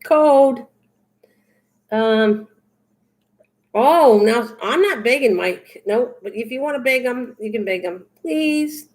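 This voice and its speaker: An older woman with a voice on the high side hosts a craft livestream, chatting unhurriedly with her live viewers. She's goofy, teasing and rambling in this casual chat.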